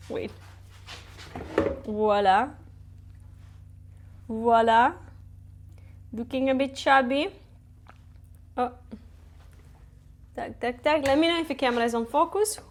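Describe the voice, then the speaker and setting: A woman's voice: sits high, unhurried, pauses often. A woman chatting casually and giggling often as she cooks live on a stream. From Italy. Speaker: cooking streamer. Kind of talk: casual live-stream chat while cooking. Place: home kitchen.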